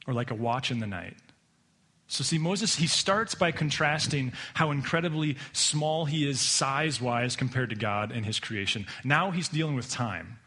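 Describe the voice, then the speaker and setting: A man's voice: mid-range voice, a bit bright. A man preaching a conversational sermon in a church, casual and joking, often restarting his sentences. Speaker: pastor. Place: church sanctuary.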